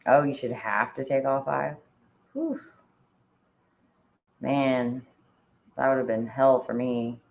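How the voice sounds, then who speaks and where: Casual female co-host with a very low voice; chatty, giggly, rambling. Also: slow, gravelly, long pauses, lo-fi sound. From Indiana. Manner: chatty, laughs often, says "like" a lot. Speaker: podcast co-host. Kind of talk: casual chat.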